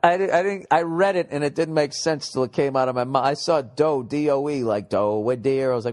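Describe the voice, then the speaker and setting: A man's voice: mid-range voice, fairly quick. Blunt, profane comedian man. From United States. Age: middle-aged. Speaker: podcast host. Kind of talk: comedic podcast monologue.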